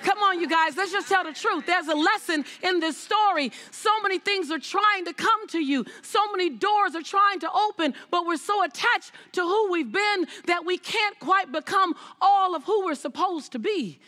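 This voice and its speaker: Woman, motivational speech, live audience, emphatic, repetitive phrasing, bright tone. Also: extremely high pitch, moderate pace, hardly any pauses. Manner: emphatic, repeats phrases, laughs often. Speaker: motivational speaker. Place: stage before a large audience.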